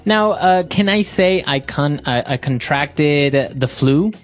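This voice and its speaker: A man's voice: a little high, lively intonation, slow pace, faint music behind. Man co-host guiding an English lesson. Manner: asks questions and sums up points. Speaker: podcast co-host.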